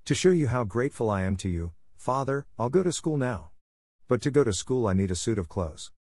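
A man's voice: medium pitch, expressive, fairly quick, a little mellow, no echo. A man voicing a hungry, whiny wooden puppet boy who pleads in long breathless run-on sentences. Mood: earnest.

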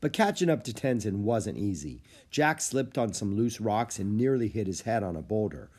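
A man's voice: on the low side, moderate pace, breathy edge. Man reading a children's story. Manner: lively storytelling. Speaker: narrator. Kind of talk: audiobook reading of a children's book.

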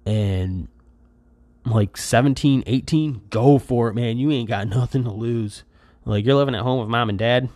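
A man's voice: mid-range voice, normal speed, no room sound, studio quality. A middle-aged man from Michigan hosting a podcast, rambling in casual chat with lots of fillers and restarts and bursts of energy when he acts out quotes. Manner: lively when acting out quotes. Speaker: podcast host.

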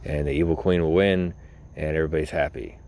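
A man's voice: very deep voice, steady tone, fast talker, darkish tone, slight background noise. A man voicing a timid, polite young prince who talks hesitantly and apologetically. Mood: apologetic.

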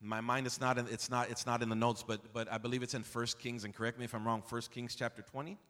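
Impassioned preacher in a reverberant church. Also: male voice, flat delivery, fast. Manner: impassioned preaching, rising to near-shouts and dropping low; calls out to the congregation for responses. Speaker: pastor. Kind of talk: expository sermon. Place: church sanctuary. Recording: long hall reverb in a church.

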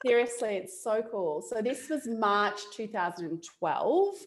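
A woman's voice: mid-range voice, unhurried. A middle-aged Australian woman, a guest on an interview show, telling a personal story in a casual way. She laughs often and acts out what she was thinking at the time. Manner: animated, laughs often, acts out her own past thoughts.

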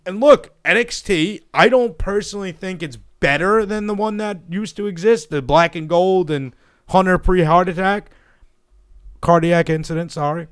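Brash swearing podcast guy, kinda high voice, loud and emphatic. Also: normal speed, clean tone. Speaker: podcast host. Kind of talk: casual chat.

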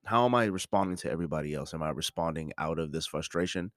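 Deep-voiced man musing haltingly. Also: dry recording, studio quality. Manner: halting, many restarts and ums, reflective. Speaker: podcast host. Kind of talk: casual reflective monologue.

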